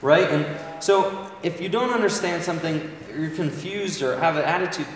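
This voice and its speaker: A man's voice: on the high side, moderate pace, slight background noise. A man preaching a sermon in a conversational way, often asking the congregation "right?", with listeners calling back. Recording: echoey hall, voice from far off.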